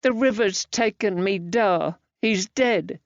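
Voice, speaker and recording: A man reading an audiobook, voicing a frightened, ragged young street boy who shouts and cries out high and loud. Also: slow pace, creaky, no echo, muffled recording, full character voice. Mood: grieving. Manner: shrill, shouting and tearful.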